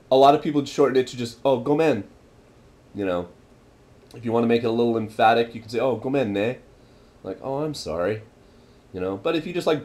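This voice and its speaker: A man's voice: medium pitch, a little mellow. A young man in a casual vlog, explaining everyday phrases with many ums and repeating each phrase for practice. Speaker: vlogger teaching Japanese phrases.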